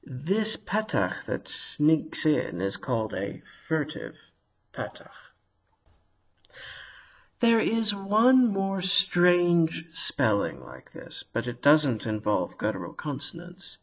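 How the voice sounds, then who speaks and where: A man teaching a video lesson on Hebrew vowels, slowly and carefully sounding out each word. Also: a little high, big pitch swings, fairly bright tone, breathy edge. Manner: slow, careful sounding out of words.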